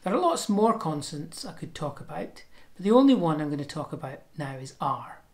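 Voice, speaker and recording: A woman giving a pronunciation lesson, explaining sounds step by step and demonstrating them slowly and deliberately. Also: deep voice, sing-song. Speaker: language teacher.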